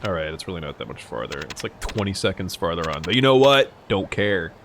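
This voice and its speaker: A man's voice: sits low, sing-song, brisk, noisy background. A young man streaming a game, rambling and joking with frequent swearing as he plays. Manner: rambling, jokey and profane. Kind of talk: casual gameplay commentary.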